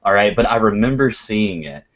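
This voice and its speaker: A man's voice: on the low side, expressive, normal speed, a bit bright, muffled recording. A man in casual livestream chat, telling stories animatedly and swearing freely.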